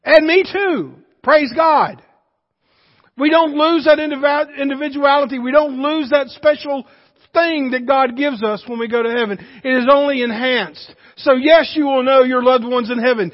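A man's voice: very high-pitched, steady tone, normal speed. A man preaching a sermon in a church, emphatic and conversational, with joking asides to the congregation. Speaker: pastor. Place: church sanctuary. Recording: reverberant hall, dull muffled sound.

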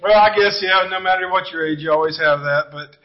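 A man's voice: sits high, a little fast, dull audio. A middle-aged man preaching a sermon, telling folksy stories and jokes and talking to the congregation. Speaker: pastor. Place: church sanctuary.

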